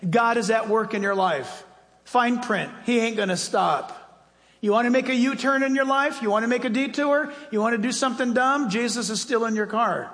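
A male pastor preaching a sermon in a church, in an energetic, folksy, conversational way that keeps appealing directly to his listeners. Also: very high voice, normal speed. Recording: reverberant hall.

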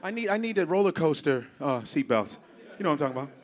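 A man doing a stand-up comedy routine, animated and profane, shouting and laughing in bursts and slipping into high squealing impressions. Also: fast talker, a faint crowd. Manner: slips into high-pitched impressions.

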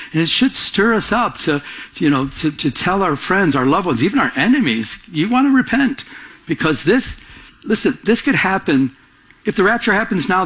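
A man's voice: on the high side, a bit bright, breathy edge. A man preaching a conversational Bible-study sermon, earnest and urgent, with frequent restarts. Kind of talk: sermon teaching.

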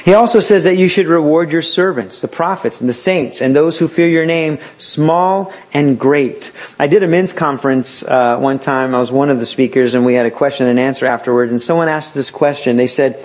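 A man's voice: a little high, brisk, hardly any pauses, darkish tone. A man preaching a sermon in a conversational way. He acts out quotes as he goes.

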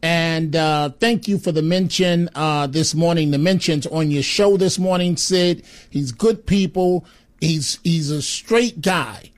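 Emphatic high-voiced talk radio host. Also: male voice, unhurried. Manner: emphatic, repetitive, openly sarcastic. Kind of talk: talk radio monologue and call-in. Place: radio studio.

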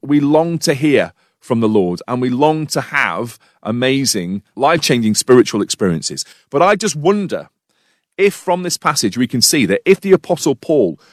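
A man's voice: medium pitch, big pitch swings, normal speed, no room sound. British man preaching with dry humour. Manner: storytelling, dry humour, reflective questions. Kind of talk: sermon with personal story.

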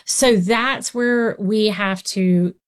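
A woman's voice: extremely slow, smooth. A woman who writes on parenting and counsels children, speaking expressively in a conversational interview. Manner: expressive, acts out children's voices with big pitch swings.

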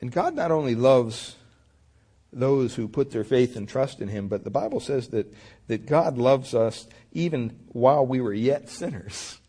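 A man preaching a sermon in an earnest way, rising for emphasis and dropping low for asides. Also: lively intonation, unhurried, dark tone, breathy edge. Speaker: pastor.

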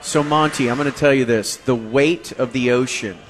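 A man's voice: medium pitch, moderate pace. Teasing male radio host. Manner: teasing, reads listener messages. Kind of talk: morning radio banter.

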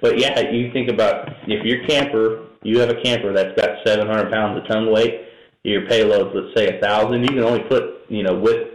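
Low-voiced man explaining trucks. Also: fairly even intonation, brisk. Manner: knowledgeable, matter-of-fact, loose and rambling. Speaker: truck and camper towing expert guest. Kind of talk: casual interview chat. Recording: echoey room, faint noise.

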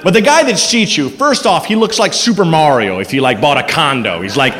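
A man doing a stand-up comedy set on a club stage, animated and leaping into loud voices for his bits. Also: fairly high pitch, a little fast. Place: comedy club stage before a live audience. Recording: live club recording with long reverb and noise.

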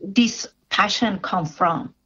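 A woman's voice: medium pitch, slow, pushed and bright, slightly rough. A woman interviewing a guest on community radio, attentive and prompting with short affirmations. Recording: dull, muffled radio audio.

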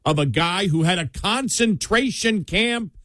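A man's voice: sits high, expressive, unhurried, a bit bright, dry recording, clean studio sound. A man hosting a political talk radio show, rambling with many restarts and fillers in an incredulous tone.

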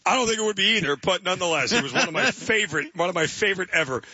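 Radio co-host dude, raspy and bright, trips over words, dry dull sound. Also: male voice, sits high, very fast, dry recording. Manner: animated storyteller, stumbles over words. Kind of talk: casual sports radio chat.

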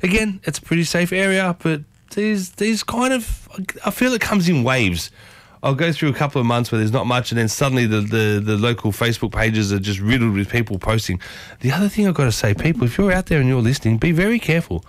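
A man with an Australian accent hosting a morning radio show, talking in a chatty, animated way and often questioning his listeners directly. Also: mid-range voice, quick pace, dry recording. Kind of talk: casual talk radio monologue.

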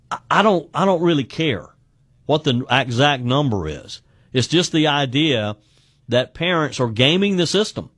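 A man's voice: fairly high pitch, lively intonation, moderate pace, fairly bright tone, dry recording, studio quality. A man hosting a call-in talk radio show, talking conversationally and often repeating his first words. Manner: conversational, repeats words when starting sentences.

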